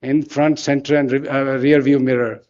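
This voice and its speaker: An older man with an Indian English accent, a business leader giving a formal conference speech in measured, emphatic short phrases from a podium. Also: medium pitch, level tone, darkish tone, dull audio. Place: large conference hall.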